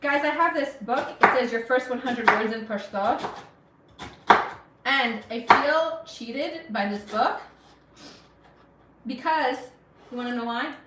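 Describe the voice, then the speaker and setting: A woman's voice: a little high, slow pace, long pauses, recorded from a distance, very noisy. A woman who works as a criminal defense lawyer, chatting casually and teasingly with viewers while she cooks on a livestream. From United States. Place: home kitchen. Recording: roomy kitchen audio, speaker off-mic.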